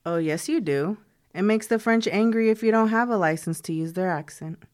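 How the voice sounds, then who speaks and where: A woman's voice: medium pitch, moderate pace, darkish tone. Stern exasperated woman. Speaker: sketch performer. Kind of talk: comedy sketch acting.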